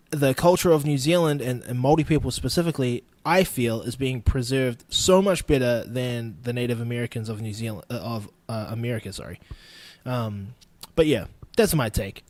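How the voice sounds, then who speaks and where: A young man talks through a solo podcast episode in a loose, rambling way, cursing freely as he goes. His voice sits at an ordinary middle pitch. The sound is dry and close, with no room echo. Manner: rambling, laid-back and profane. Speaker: podcast host. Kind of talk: casual solo podcast monologue.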